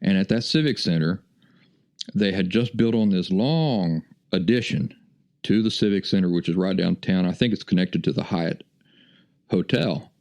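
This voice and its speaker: A middle-aged man speaks in a low, gravelly voice with plenty of vocal fry. He tells his story in a folksy, chuckling way, as a podcast host chatting to listeners. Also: lively intonation, moderate pace, darkish tone. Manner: folksy, chuckling anecdotal delivery. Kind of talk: casual storytelling.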